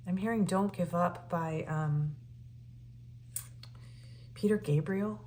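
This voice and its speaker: Woman tarot reader, slightly low voice, earnest and emotional, casual filler-heavy delivery, faint background hum. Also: slow, pauses often, darkish tone. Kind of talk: casual spoken tarot reading.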